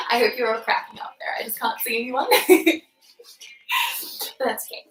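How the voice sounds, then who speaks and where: A woman's voice: on the high side, sing-song, normal speed, faint music behind. A young woman with an Australian accent guiding an online Pilates class, chatty and informal with lots of ums. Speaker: Pilates instructor. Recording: echoey room.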